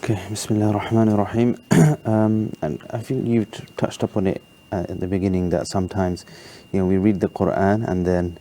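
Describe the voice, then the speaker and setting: Deep, dark-voiced male judge. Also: normal speed. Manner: thoughtful, with hesitations. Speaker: competition judge. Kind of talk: answering on a studio panel.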